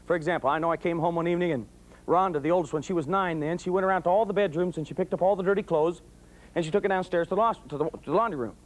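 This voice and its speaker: A quick-talking middle-aged man with a raised, high-set voice lectures parents the way a preacher works a crowd. He hammers phrases again and again, tells homespun stories, and breaks into yells when he acts out his anecdotes. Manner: emphatic, repetitive preacher-like cadence; folksy storytelling, bursts of yelling when acting out anecdotes. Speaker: police sergeant speaking to parents. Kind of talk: motivational talk to parents.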